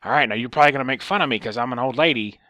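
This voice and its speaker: A man putting on a shrill, paranoid old lady. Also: racing, no echo, studio quality, lightly acted. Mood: fussy, secretive. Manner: shrill, high and loud. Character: paranoid, fussy elderly woman employer.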